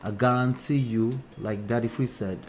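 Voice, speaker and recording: A man's voice: mid-range voice, steady tone, moderate pace, slight background noise. A man with a mixed Nigerian and New Jersey accent, hosting casual commentary in a chatty way, often checking in with "right?". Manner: chatty, frequent rhetorical "right?" and asides. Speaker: relationship talk host.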